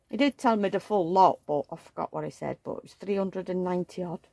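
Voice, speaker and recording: A woman talks to the camera while tending a reborn doll, her voice gravelly with a husky edge. She coos and baby-talks, then slips into gossipy stories, close to a dry, dead-sounding mic. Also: on the low side, fast talker, hardly any pauses, warm tone, dry recording. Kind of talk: casual chat while dressing a doll.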